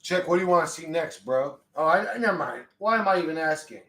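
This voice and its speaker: A man's voice: fairly high pitch, expressive, fast talker, fairly bright tone. A young man chatting casually on a livestream, rambling and swearing in a laid-back way. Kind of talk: casual stream chat. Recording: echoey room, distant mic.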